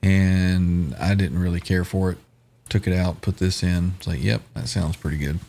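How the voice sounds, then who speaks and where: Deep-voiced easygoing male stream host. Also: moderate pace, gravelly, slight background noise. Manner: relaxed, laughs often, talks through chords. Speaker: podcast host reading live chat. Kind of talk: casual guitar chat on a live stream.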